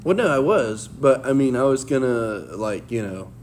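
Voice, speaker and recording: A man's voice: mid-range voice, animated, normal speed, darkish tone, slight background noise. A young man co-hosting a podcast in casual, jokey chat, rambling and laughing often. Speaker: podcast co-host.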